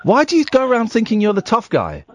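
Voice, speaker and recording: A man's voice: very high voice, huge pitch swings, fast. A man hosting a late-night radio phone-in, teasing his callers with sardonic, dry remarks.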